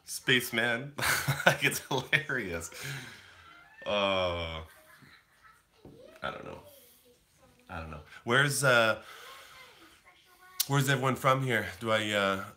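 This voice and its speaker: A man's voice: mid-range voice, takes it slowly, pauses often, pushed and bright. A man in his thirties from Canada, rambling casually to his livestream viewers and answering the chat. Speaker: livestream host.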